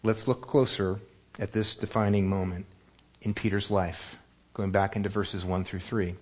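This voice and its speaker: A pastor preaching a sermon, telling stories and asking the congregation rhetorical questions. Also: male voice, fairly low pitch, moderate pace. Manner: animated storytelling, rhetorical questions.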